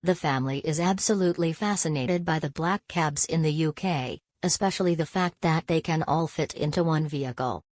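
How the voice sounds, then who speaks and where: A woman giving a scripted gossip recap in a steady, even read. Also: low voice, a little fast, few pauses, no echo. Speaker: celebrity gossip narrator. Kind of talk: scripted narration.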